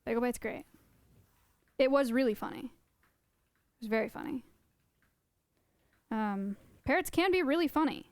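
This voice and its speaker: A woman's voice: a little high, animated, measured pace, long pauses, dry recording. A young woman live-streaming, chatting casually with her viewers in a rambling way. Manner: chatty, rambling, laughs often. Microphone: close desk mic.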